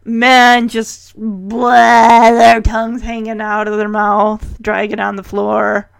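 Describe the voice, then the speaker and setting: A woman recapping a TV episode in a casual, animated way, laughing often and acting out the characters' lines. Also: mid-range voice, takes it slowly, vocal fry, smooth. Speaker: recap podcast host.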